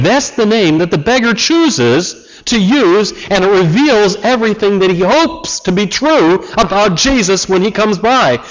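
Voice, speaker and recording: A man preaching a sermon in a high, lively voice that swings widely in pitch. He is impassioned and dramatic, acting out cries before sinking to earnest quiet. The recording is a little dull and muffled. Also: unhurried, hardly any pauses. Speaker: pastor.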